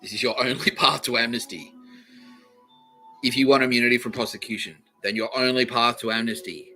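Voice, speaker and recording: A man's voice: medium pitch, fairly even intonation, brisk, sharp tone, faint music behind, rough recording. A man hosting a comedy podcast, delivering a profane, repetitive monologue and laughing at his own lines. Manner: swears constantly, repeats phrases, laughs at own lines. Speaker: podcast host.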